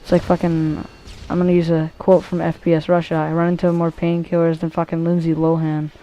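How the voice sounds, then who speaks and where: A woman talks loosely over her gameplay footage in a low, mellow voice whose soft, dark tone and pitch stay steady, at a brisk pace on a muffled recording. Her casual commentary rambles, she swears freely, and she fills gaps with ums, likes and restarts.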